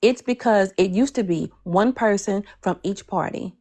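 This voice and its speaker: Measured woman speaking to a group, gravelly and mellow tone. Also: medium pitch. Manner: measured and persuasive, with some hesitations. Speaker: speaker in an online group call. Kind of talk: speech to a group.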